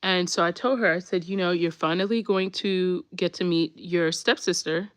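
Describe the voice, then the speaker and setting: A woman, telling family stories in a casual, animated way and laughing often. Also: on the low side, normal speed, dry recording. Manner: animated, laughs often, repeats "when I tell you". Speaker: storytelling host. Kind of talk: casual storytelling chat.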